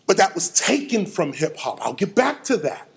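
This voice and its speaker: A middle-aged man giving an animated storytelling lecture, acting out sounds and quotes. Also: sits high, moderate pace, creaky. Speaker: hip hop lecturer.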